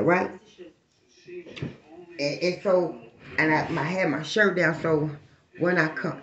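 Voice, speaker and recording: A middle-aged woman telling a personal story to listeners, blunt and profane, talking straight to the crowd. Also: lowish voice. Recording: dull lo-fi recording.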